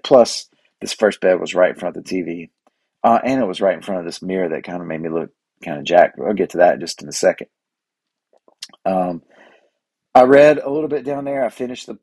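Husky laid-back man. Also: sits low, a little mellow, dry recording. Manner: rambling, laid-back, chatty with fillers and restarts. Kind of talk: casual storytelling monologue.

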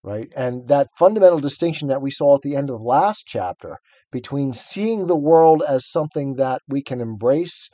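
A man's voice: medium pitch, lively intonation, moderate pace, mellow, no room sound. A man co-hosting a podcast, talking through a book in an earnest, explanatory way. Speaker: podcast co-host. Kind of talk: casual book discussion.

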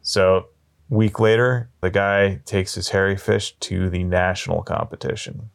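A man telling long shaggy-dog jokes in a deadpan way, slowing down and pausing as he builds them up. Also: low-pitched, creaky. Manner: deadpan, drawn-out storytelling with slow pauses. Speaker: storyteller.

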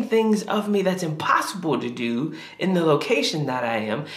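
A man preaching a sermon as a pastor, earnest and confessional, climbing higher when he acts out his own prayers. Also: sing-song, normal speed, few pauses, fairly bright tone. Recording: echoey room.

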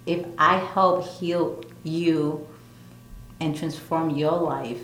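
A woman's voice: low voice, fairly even intonation, drawn-out words, a bit bright, reverberant, slight background noise, rough recording. An older woman and spiritual teacher, speaking earnestly and emphatically in a casual interview, often repeating her phrases. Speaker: spiritual teacher and retreat leader.

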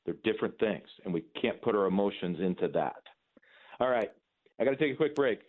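Opinionated guy hosting call-in radio, lowish voice, sounds thin like a phone line. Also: expressive, a little fast. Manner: opinionated, emphatic, mock-incredulous asides. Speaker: radio talk show host. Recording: phone-like narrow band.

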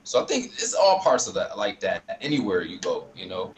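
A man's voice: fairly low pitch, very animated, normal speed, slight background noise, poor audio. A man from upstate New York talking in a laid-back, slangy, rambling way as a guest on a video call. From Rochester, New York. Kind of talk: casual video call interview.

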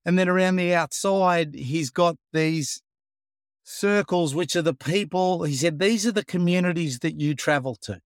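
Animated Australian man telling a story. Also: a little high, normal speed, dry recording, studio quality. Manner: animated storyteller, acts out dialogue, says "mate". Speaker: guest, program founder. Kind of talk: storytelling in a casual interview.

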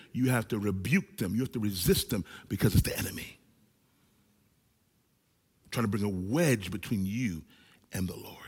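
A male pastor preaching a sermon to a small church gathering, with animated delivery that swings between loud and hushed. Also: mid-range voice, husky, long reverb tail. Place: small church service with few people present.

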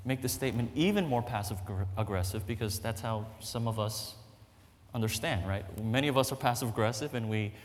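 A man preaching a sermon as pastor, conversational and animated, often checking in with "right?" and "okay?". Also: mid-range voice, brisk, long reverb tail.

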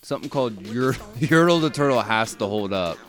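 A man's voice: medium pitch, expressive, a little fast, music in the background. A young man co-hosting a casual album review podcast, easygoing, agreeing often and giggling. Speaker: podcast co-host.

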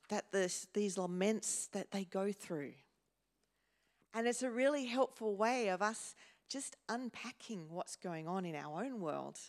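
A woman pastor preaching a sermon in a church, slow and measured, pausing and repeating words as she goes. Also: mid-range voice. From Australia. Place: church hall.

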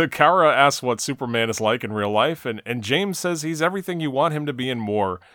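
A man's voice: mid-range voice, lively intonation, a little fast, fairly bright tone, dry recording. Dry-voiced man recapping a show. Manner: narrates plot in long run-on recaps. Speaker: podcast co-host recapping a TV episode. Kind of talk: casual recap chat.

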